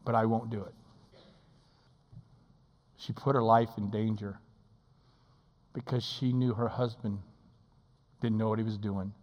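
A male pastor preaching a sermon in a church. He swings between shouting and hushed, intimate tones and acts out quotes in playful voices. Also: on the low side, level tone, a little slow, pauses often, long reverb tail, muffled recording.

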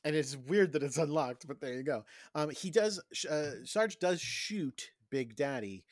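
An animated man chatting through a film recap on a podcast, his voice sitting a bit high for a man. He jumps into little put-on voices for the characters. The sound is close and dry, with no room around it. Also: dry recording. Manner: animated, acts out characters' lines in quick voices. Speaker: podcast co-host. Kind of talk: casual movie recap chat.

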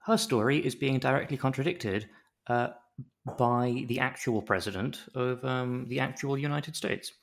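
A man's voice: medium pitch, normal speed, creaky. A man co-hosting a podcast, recapping a TV show in a rambling, jokey way with swearing and mock-pompous bits. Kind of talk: casual chat.

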